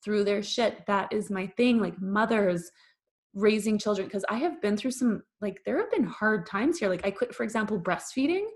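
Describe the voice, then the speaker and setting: A woman from Canada in her thirties talks as a podcast guest. She tells her story loosely and with energy, filling it with "like" and putting on the voices of the people in it. Her voice sits in an ordinary middle pitch. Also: moderate pace. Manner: animated, acts out quoted voices, frequent fillers. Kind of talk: casual storytelling chat.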